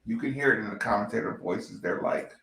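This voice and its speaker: A man's voice: lowish voice, fairly quick, a bit bright. A man giving blunt, profane fan commentary on a basketball team, ranting in slang. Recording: echoey room.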